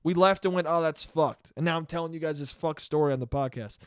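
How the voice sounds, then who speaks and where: A man's voice: fairly high pitch, fast talker, clear, resonant tone, no echo, clean studio sound. A man hosting a solo podcast and telling a rambling story, cursing often and restarting his sentences. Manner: profane, rambling, with many restarts. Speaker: podcast host.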